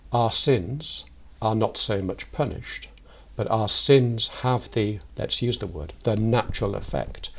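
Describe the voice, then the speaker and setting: A parish priest giving a measured, thoughtful reflection as a sermon. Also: male voice, lowish voice, gravelly. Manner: measured, thoughtful, deliberate delivery.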